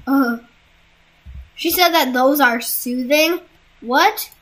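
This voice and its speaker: A young woman casually commenting on a game she is playing, laughing and reacting out loud. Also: high voice, slow pace. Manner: giggly, exclamatory, reacting out loud. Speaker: gamer.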